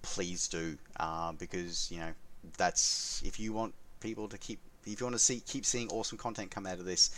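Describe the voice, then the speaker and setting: Podcast co-host, man with a very low voice, earnest and emphatic, sits well back from the mic. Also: fairly even intonation, normal speed, a bit bright, recorded from a distance. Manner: earnest, emphatic appeals to listeners. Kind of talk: casual podcast chat.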